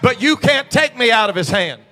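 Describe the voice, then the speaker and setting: A man preaching a sermon as pastor at a midweek church service, moving between quiet stretches and shouted, sing-song preaching cadence. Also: very high-pitched, lively intonation, moderate pace, long reverb tail. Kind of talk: pentecostal-style preaching sermon.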